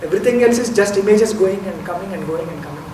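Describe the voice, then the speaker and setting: A man's voice: high-pitched, fast talker, mellow. A man giving a spiritual lecture as a meditation teacher, explaining step by step, asking rhetorical questions and stressing key words. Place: lecture hall. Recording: roomy hall, distant mic, faint noise.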